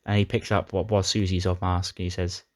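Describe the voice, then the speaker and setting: A man's voice: low-pitched, little pitch movement, a little fast, no echo, clean studio sound. A man casually recapping his playthrough of a wrestling sim game, retelling storylines with dramatic flair. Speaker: gaming YouTuber.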